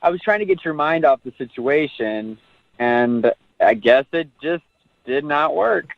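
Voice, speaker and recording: Man, radio caller, defensive, laughs things off, slightly high voice, dull phone line. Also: expressive, unhurried, vocal fry, no echo.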